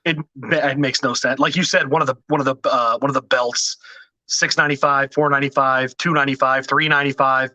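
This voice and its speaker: A man's voice: medium pitch, flat delivery, a little fast, bright, forceful tone, no room sound, low-quality recording. A middle-aged man, chatting as a podcast host, swearing freely, laughing and rambling with restarts. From Washington DC area. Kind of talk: casual chat.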